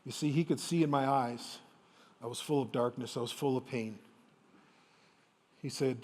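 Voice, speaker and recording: A man in his fifties, telling a personal story on stage as a motivational speaker, dramatic and emotional with slow, weighty pauses. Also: mid-range voice, fairly even intonation, darkish tone, big-room sound. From Windsor, Ontario, Canada.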